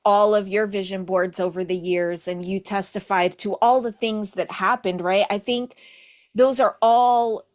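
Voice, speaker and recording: A woman's voice: mid-range voice, steady tone, unhurried. Woman podcast host, reflective. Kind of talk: casual faith conversation.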